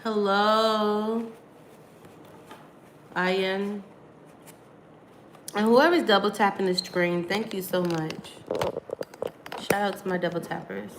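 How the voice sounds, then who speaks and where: A woman's voice: medium pitch, fairly even intonation, slow pace, pauses often. Woman, 30s, from Virginia, worn out after crying, candid slangy livestream chat, faint hiss behind. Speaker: livestreamer reading viewer comments. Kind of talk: casual live stream chat.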